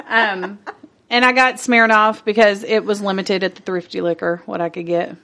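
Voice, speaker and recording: A woman's voice: medium pitch, steady tone, normal speed, fairly bright tone. A young woman co-hosting a podcast in casual chat, giggly and playful, swearing now and then. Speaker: podcast co-host.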